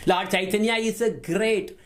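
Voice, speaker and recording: A man's voice: high-pitched, measured pace. A man giving a devotional class lecture, emphatic and given to repeating his words. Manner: animated, emphatic, repeats words while teaching. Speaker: spiritual teacher.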